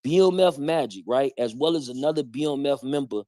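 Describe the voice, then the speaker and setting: A man hosts a live stream and picks apart claims in blunt, confrontational street slang. His voice sits at an everyday pitch. The sound is dry, with no room echo. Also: animated, brisk, dark tone. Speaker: stream host. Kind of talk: heated live-stream commentary.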